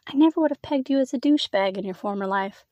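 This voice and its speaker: A woman's voice: a little high, expressive, fast, mellow, dry recording, muffled recording, natural voice. A woman voicing a snarky female coworker who teases and mocks. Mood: teasing. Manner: teasing, mocking.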